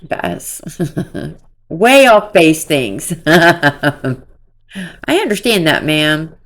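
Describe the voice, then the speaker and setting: Slow-talking woman doing amused commentary. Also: low voice, very animated, fairly bright tone. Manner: laughs often, amused and chatty. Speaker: commentary channel host. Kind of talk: casual true-crime commentary, reading messages aloud.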